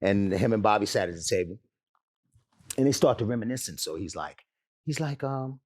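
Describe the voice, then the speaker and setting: A man's voice: mid-range voice, animated, a little fast, darkish tone. A man telling a wild story as an interview guest, swearing often, laughing and acting out the voices of the people involved. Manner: profane, laughs through his story, acts out quotes. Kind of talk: animated storytelling.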